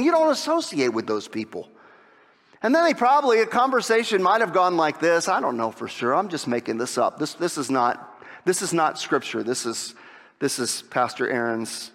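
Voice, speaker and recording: Animated preaching man in a reverberant hall. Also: sits high. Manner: animated preaching, acts out quoted voices. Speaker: pastor. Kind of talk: sermon.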